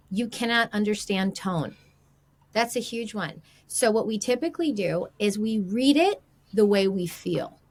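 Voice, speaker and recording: A woman guest on a podcast giving casual marriage advice in an animated way, acting out quoted remarks. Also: medium pitch.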